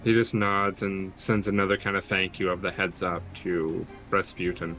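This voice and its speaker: A man's voice: deep voice, little pitch movement, normal speed, a bit bright, soft background music, low-quality recording. A man narrating his character's actions and speaking in character during a tabletop role-playing game. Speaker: tabletop player.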